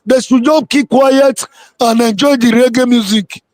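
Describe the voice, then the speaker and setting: High-voiced man, emphatic. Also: steady tone, measured pace, darkish tone, dry recording. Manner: emphatic, repeats himself for weight. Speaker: political guest on a live show. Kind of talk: live call-in interview.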